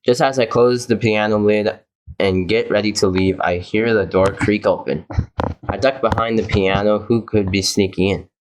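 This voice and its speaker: A man's voice: on the low side, steady tone, moderate pace, noisy background. A man reading a dating game aloud and voicing its characters, stumbling over words now and then. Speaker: game player narrating. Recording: voice over loud game music. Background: loud music.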